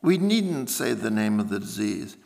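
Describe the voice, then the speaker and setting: A man voicing a blunt, solemn middle-aged German doctor who speaks English haltingly, with slips and broken grammar. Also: lowish voice, very animated, creaky, darkish tone.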